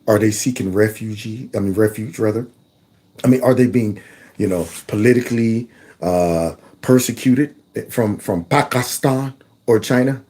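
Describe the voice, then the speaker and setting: A man's voice: mid-range voice, dark tone. Indignant man riffing on news clips. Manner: indignant, rhetorical questions, folksy asides. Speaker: commentary channel host. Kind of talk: political commentary over news clips.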